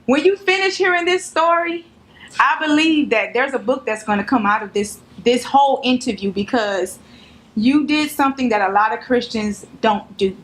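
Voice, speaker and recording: A woman hosting a church-style interview, animated and affirming, with preacherly asides. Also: a little high, moderate pace. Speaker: interview host.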